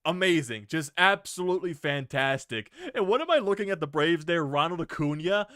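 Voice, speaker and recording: A young man hosting a sports video, giving an excited fan reaction rant, swearing freely and laughing. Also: fairly high pitch, a little fast, few pauses, no room sound, studio quality.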